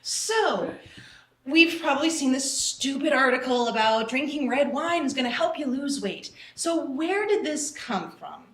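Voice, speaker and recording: A woman's voice: high-pitched, lively intonation, unhurried, fairly bright tone, recorded from a distance. A young woman from Boston with a slight Boston accent, co-hosting a casual podcast chat, swearing freely and laughing, sometimes putting on a heavy Boston voice. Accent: Boston, slipping in at times. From Boston, USA. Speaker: podcast co-host. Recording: echoey room, off the mic.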